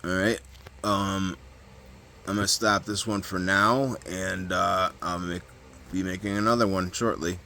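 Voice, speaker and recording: A man with a deep, low-pitched voice and a bright, forceful edge tells a story in a loose, casual monologue. He rambles, restarts his sentences and leans on fillers and swearing throughout. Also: fairly even intonation, measured pace, a little hiss or hum. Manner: rambling, heavy fillers and profanity, frequent restarts. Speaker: vlogger recounting prison stories.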